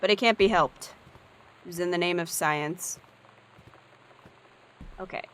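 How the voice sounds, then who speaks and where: A woman's voice: fairly low pitch, a little slow, fairly bright tone, slight background noise. A woman giving casual, upbeat gameplay commentary and thinking aloud as she plays. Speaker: let's play host.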